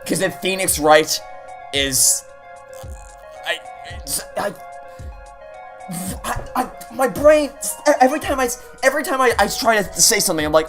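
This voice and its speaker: A man commentating a let's play, frantic and incredulous, stammering and cursing in loud outbursts. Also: high voice, big pitch swings, unhurried, long pauses. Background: game music.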